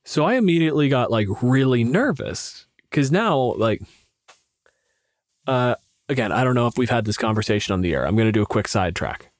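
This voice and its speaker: A man's voice: mid-range voice, lively intonation, a little fast, no room sound, studio quality. A young man from Canada, co-hosting a podcast as its game master, chatting casually in a rambling, self-deprecating way. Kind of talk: casual chat.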